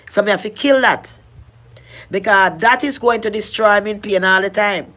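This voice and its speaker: A middle-aged woman with a Jamaican accent narrates her own life in earnest patois, unhurried, in a mid-range, fairly bright voice. She tends to repeat herself and restart her phrases.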